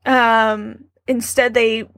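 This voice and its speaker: Sarcastic woman with a higher voice. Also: level tone, extremely slow, fairly bright tone, no room sound, clean studio sound. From New York. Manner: goofy, sarcastic, laughs often. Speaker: podcast co-host. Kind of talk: casual movie-review chat.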